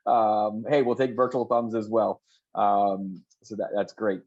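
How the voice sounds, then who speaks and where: A man's voice: lowish voice, steady tone, unhurried, a little mellow, lo-fi sound. Upbeat man hosting a video call. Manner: upbeat, encouraging, repeats words often. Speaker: co-host of online talk show. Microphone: video call audio.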